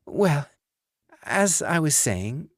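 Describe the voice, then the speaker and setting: A man voicing a tired, polite, career-driven young woman who grows drowsy, speaking softly and raised well above his own pitch. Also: very animated, drawn-out words, dry recording, studio quality, full character voice. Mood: polite, sleepy. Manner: drowsy, fading, soft replies.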